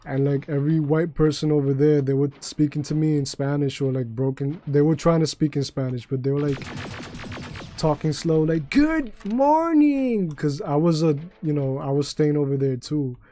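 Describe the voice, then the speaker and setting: A man's voice: a little high, flat delivery, moderate pace, mellow, soft background music. A man from New York City with a New York accent, chatting casually on a game livestream and telling rambling, profane stories full of restarts. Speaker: streamer.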